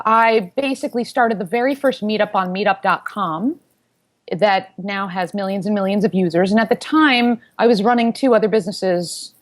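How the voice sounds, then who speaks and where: A founder in her thirties tells her story in an interview with a mid-range voice. She is an animated storyteller, quick to act out the voices of people she quotes.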